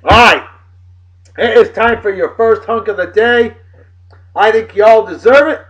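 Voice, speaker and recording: A man from New of the region, hosting a casual video blog with boisterous, jokey shout-outs. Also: high voice, measured pace, highs cut off. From New England.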